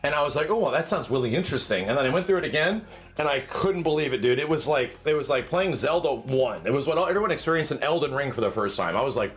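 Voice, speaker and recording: Animated, profane man telling stories. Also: medium pitch, fast. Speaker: streamer host. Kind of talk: casual stream chat.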